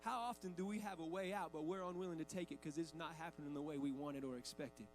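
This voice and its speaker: A man's voice: fairly high pitch, quick pace, soft background music. A man in his thirties, a pastor preaching a sermon in a church, talking in a conversational, emphatic way with casual asides. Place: church sanctuary.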